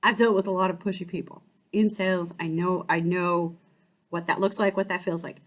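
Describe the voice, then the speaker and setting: Speaking in a lowish voice, a woman who hosts a life-coaching channel tells a story about herself. She keeps it casual and animated, jumping back to restart phrases quickly.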